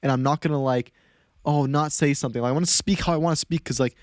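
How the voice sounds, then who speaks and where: A man's voice: on the high side, no room sound, clean studio sound. A man hosting a podcast, telling a story in a casual chat with lots of fillers and restarts. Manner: fast, animated storytelling with many fillers. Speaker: podcast host.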